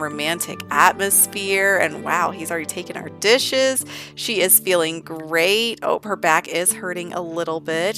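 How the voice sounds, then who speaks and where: Young woman, gaming host, lowish voice, gushing casual commentary, faint music behind. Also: pushed and bright. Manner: gushing, enthusiastic. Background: faint background music.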